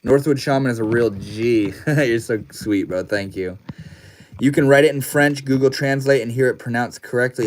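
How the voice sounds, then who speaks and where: A man's voice: medium pitch, normal speed, slight background noise. A young man hosting a casual livestream, talking loosely with lots of slang and swearing and laughing often. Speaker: livestream host.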